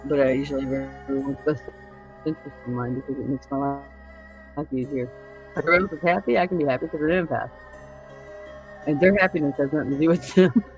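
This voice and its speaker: Show host, woman with a gravelly, low-pitched voice, crude and laughing, acting out lines, faint music underneath. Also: fast talker, long pauses, muffled recording. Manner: crude, laughing storyteller who acts out other people's lines. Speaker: podcast host. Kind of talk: casual chat.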